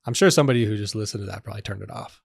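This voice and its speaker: A man with a fairly low voice leads a slow, gentle guided meditation in a soft tone. The sound is dry and close, with no room echo. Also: vocal fry, breathy edge. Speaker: psychotherapist guest. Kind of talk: guided meditation, then casual chat.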